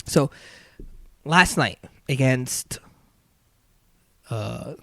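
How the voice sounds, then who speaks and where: Animated man chatting about hockey. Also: medium pitch, extremely slow, creaky, no room sound. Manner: animated, acts out quotes, trails off and restarts. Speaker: podcast co-host. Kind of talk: casual sports chat.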